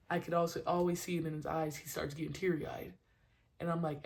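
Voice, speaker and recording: A woman with a slightly low voice speaks in a casual, slangy monologue about training kids. She is animated and conversational, and often bursts into her own coaching calls. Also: fairly quick, vocal fry. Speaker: podcast host and youth sports trainer.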